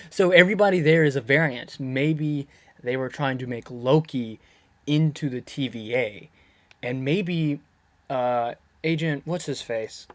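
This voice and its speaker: A person casually recapping a TV episode, rambling, laughing often, losing track of words and getting excited when puzzled. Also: medium pitch, measured pace. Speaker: video creator reviewing a TV episode. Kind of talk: casual chatty episode breakdown.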